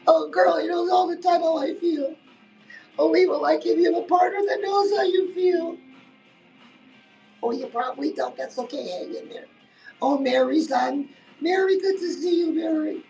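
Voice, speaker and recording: A woman's voice: extremely high pitch, normal speed, creaky, mellow, distant mic, faint music behind, poor audio. A woman giving a chatty live-stream pep talk as a life coach, keeps calling the listener "girl" and saying "listen".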